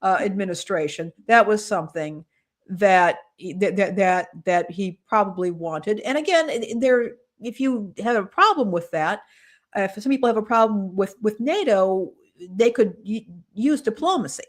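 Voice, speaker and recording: A woman's voice: medium pitch, lively intonation, moderate pace. A woman from the United States speaks in a mid-range voice as a podcast co-host. Her delivery is casual and earnest, impassioned about her point, and full of restarts as she works through her thoughts aloud. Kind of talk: casual political commentary.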